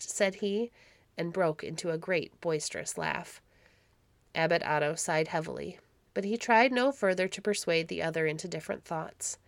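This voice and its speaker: A woman narrating an old storybook in a steady, measured reading on a close mic. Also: fairly low pitch, gravelly, dry recording. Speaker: audiobook narrator.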